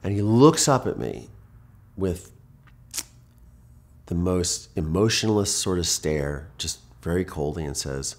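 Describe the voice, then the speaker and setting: Man from ohio, very low voice, earnest storytelling, restarts, vivid retelling. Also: lively intonation, takes it slowly, long pauses. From Ohio, USA. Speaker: guest. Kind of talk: personal storytelling.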